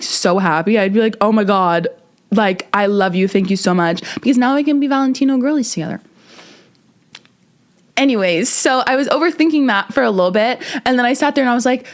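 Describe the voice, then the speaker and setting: A woman in her twenties talking casually to camera in a self-help vlog, chatty, with lots of filler words and big pitch jumps when she quotes herself. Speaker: vlogger.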